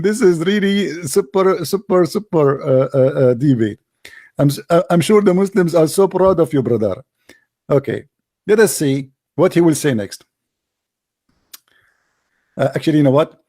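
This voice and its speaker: A man's voice: fairly high pitch, lively intonation, normal speed, dark tone, no room sound. Scornful man with dry close sound. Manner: scornful, insulting, laughs at his opponent, non-native grammar. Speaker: commentator reacting to a debate clip. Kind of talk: mocking reaction commentary.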